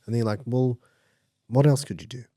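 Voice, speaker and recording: Male podcast co-host, quick and low-pitched, playful banter, dry sound. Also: dark tone, dry recording. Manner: quick, joking, playful pushback. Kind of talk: casual chat.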